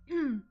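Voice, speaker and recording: A woman's voice: high voice, highs cut off. A young woman streaming her art, chatting casually and rambling, laughing often and swearing freely. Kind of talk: casual chat while drawing.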